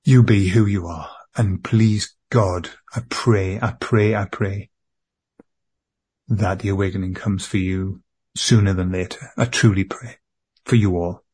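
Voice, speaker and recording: A man in a therapy session, speaking earnestly to an empty chair with halting, repeated phrases. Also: sits low, steady tone, a little mellow, husky. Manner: earnest, repetitive, halting with restarts. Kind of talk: emotional spoken address to an empty chair.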